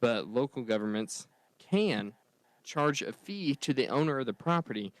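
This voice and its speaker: Man co-host, earnest, rushes phrases, medium pitch, dry sound. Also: animated, dry recording. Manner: earnest, quick bursts, laughs. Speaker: podcast co-host. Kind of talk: casual political chat.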